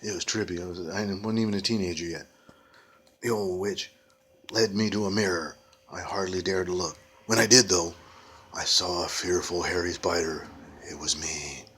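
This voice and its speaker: A man's voice: low-pitched, fairly even intonation, moderate pace, a bit bright. A man reading a children's ghost story aloud, adding playful casual asides. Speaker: reader of a children's book.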